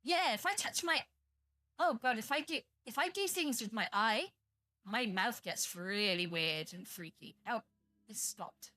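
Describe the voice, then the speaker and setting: A woman's voice: fairly high pitch, lively intonation, unhurried, sharp tone. A young British woman streaming live, chatting to viewers in a blunt, profane, rambling way and sounding tired. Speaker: livestreamer.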